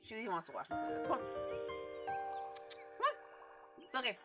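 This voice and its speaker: A woman's voice: fairly high pitch, wildly swooping pitch, fast, loud music behind the voice. A woman streaming a dating game, chatty and easily sidetracked, scolding her cat between comments. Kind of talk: casual gaming stream commentary.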